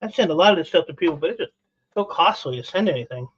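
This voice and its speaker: A man's voice: on the high side, fast talker, slightly rough, highs cut off. A man hosting a casual livestream, chatting as he takes apart electronic scrap and gushing over what he finds. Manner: excitable, gushing exclamations. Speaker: host dismantling e-waste for scrap. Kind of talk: casual livestream chat while working.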